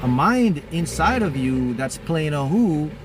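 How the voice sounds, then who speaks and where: A man's voice: on the high side, big pitch swings, measured pace, background noise. A man talking casually to his viewers as a spiritual mentor, rambling and often breaking off to restart his sentences.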